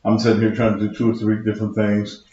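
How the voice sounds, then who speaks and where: A man's voice: fairly low pitch, monotone, quick pace, warm tone, very echoey, muffled recording. Breathless man hosting a talk show. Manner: loose, conversational, emphatic with repetition. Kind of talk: casual talk show monologue.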